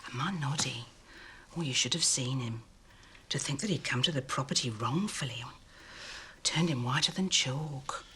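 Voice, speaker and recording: An actress playing a tender-hearted older Victorian woman, telling a story in hushed, breathless dialect. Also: extremely low pitch, moderate pace, husky, full character voice. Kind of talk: period TV drama acting.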